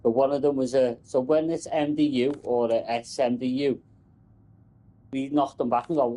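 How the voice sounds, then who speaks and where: A man's voice: mid-range voice, steady tone, moderate pace, mellow, poor audio. A man, a telecom engineer, rambling and swearing in casual chat about his work.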